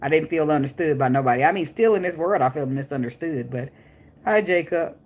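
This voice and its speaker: A woman's voice: low voice, fairly quick, muffled recording. Blunt, profane young woman tarot reader. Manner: blunt, profane and chatty, laughing often. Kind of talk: casual live tarot reading.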